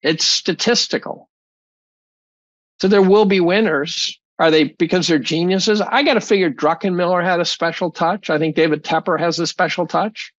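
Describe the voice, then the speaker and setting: A man's voice: sits high, moderate pace, no echo, dull audio. A man, a professor being interviewed, talking casually in a blunt, profane, rambling way with many restarts. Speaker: guest, chemistry professor.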